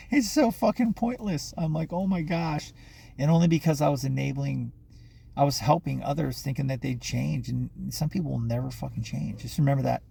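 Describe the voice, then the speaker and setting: A man's voice: fairly high pitch, animated, moderate pace, vocal fry, darkish tone, breathy edge. A man talking to camera in a rambling personal monologue, full of fillers and restarts, swearing often.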